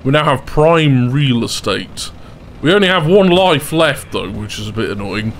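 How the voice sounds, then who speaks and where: Young guy yelling and laughing through a tank game, voice jumps all over, faint game noise behind. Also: mid-range voice, moderate pace. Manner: excitable, bursts into loud laughing fits. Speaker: gaming YouTuber. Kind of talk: gameplay commentary.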